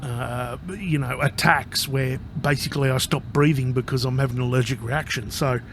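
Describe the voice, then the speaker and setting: A man's voice: medium pitch, fairly even intonation, normal speed, a little hiss or hum. A man talking casually to camera in a rambling vlog monologue, swearing constantly as he tells his story. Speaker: vlogger.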